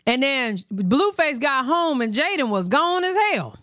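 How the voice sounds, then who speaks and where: Reaction host, woman, lively pitch, dry close mic, faint music. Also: measured pace, no room sound. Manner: chatty, animated, talks to viewers. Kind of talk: casual reaction commentary.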